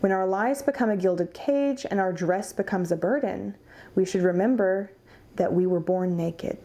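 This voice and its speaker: A woman's voice: medium pitch, normal speed, dark tone. A woman giving a pick-a-card tarot reading, earnest and encouraging, speaking straight to the viewer. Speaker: tarot reader.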